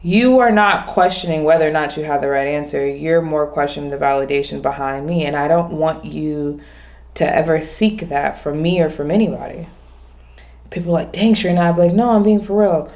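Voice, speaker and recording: A woman vlogging alone, talking through her day in a rambling, reflective way, often restarting and slowing down on her main points. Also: sits low, darkish tone. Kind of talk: casual reflective monologue.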